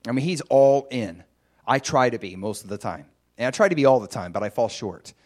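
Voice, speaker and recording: A man delivers a sermon, recounting his own testimony with lively storytelling and sudden high, excited outbursts. His pace is brisk.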